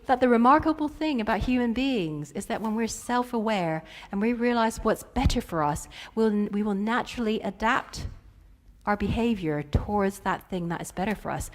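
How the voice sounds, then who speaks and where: A woman, telling playful stories in a conference keynote. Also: on the high side. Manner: playful storytelling with acted-out quotes. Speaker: keynote speaker.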